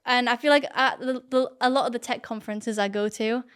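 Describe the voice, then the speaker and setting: A woman's voice: fairly high pitch, fairly even intonation, brisk, fairly bright tone, clean tone. A young woman talking casually as an interview guest, chatty and earnest with lots of "like". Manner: chatty, heavy use of "like", earnest. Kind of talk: casual talk to camera.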